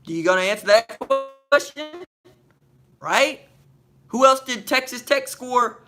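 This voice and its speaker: A man hosting a live stream, reading viewer questions from the chat aloud and answering them with slangy, animated banter and rapid rhetorical questions. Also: very high-pitched, music in the background. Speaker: podcast host.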